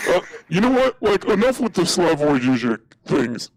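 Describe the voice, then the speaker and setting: A man's voice: on the high side, very animated, normal speed, no room sound, poor audio. A man calling in to a live show, blunt and dismissive, complaining in casual banter.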